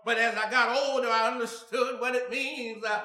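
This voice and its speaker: A male preacher delivering a sermon, his lines swelling from talk into shouted, sung chanting. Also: very high-pitched, fairly even intonation, moderate pace. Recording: echoey room with faint music.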